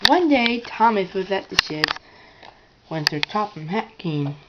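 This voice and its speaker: A woman's voice: medium pitch, lively intonation, a little slow, lo-fi sound, very noisy. A woman narrating a playful toy-train story, with casual asides and self-corrections.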